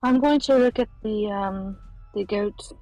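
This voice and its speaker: A woman taking her turn in a tabletop game, speaking slowly and pausing to pick her words. Soft music runs underneath her voice. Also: medium pitch, no room sound, dull audio. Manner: unhurried, hesitant with fillers. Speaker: player. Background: background music.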